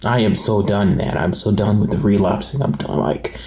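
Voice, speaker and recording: A man's voice: fairly low pitch, animated, normal speed, creaky, a little mellow. Earnest young man, echoey room. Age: 20s. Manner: earnest, rambling, many fillers and restarts. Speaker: motivational channel host. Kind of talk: personal vlog monologue.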